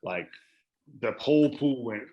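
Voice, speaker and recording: A man's voice: mid-range voice, expressive, unhurried, dull audio. A man chatting casually as a podcast guest, rambling with many restarts and swearing freely. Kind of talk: casual chat.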